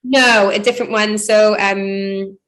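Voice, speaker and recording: Woman, thirties, DJ guest in an interview; loose, rambling and quick to laugh. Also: mid-range voice, steady tone, a bit bright. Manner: chatty, rambling, laughs often, many "like" fillers. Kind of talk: casual interview chat.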